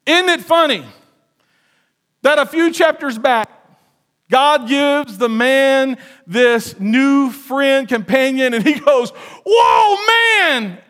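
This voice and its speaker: A man preaching a sermon as pastor, animated, with shouted quotes and joking asides. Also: very high-pitched, slow, clear, resonant tone.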